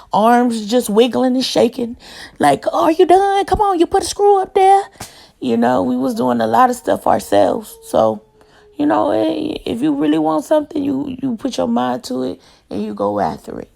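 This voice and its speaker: Young woman vlogger, chatty and rambling, fairly high voice with heavy vocal fry. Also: mellow. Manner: chatty, rambling, keeps addressing viewers as y'all. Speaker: home decor vlogger. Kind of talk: casual home tour chat.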